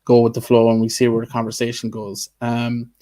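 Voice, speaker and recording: A man hosting a casual interview over a video call. He speaks earnestly, often restarting his sentences and filling pauses with "um". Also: medium pitch, monotone, dark tone. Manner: many ums and restarts, earnest. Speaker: host.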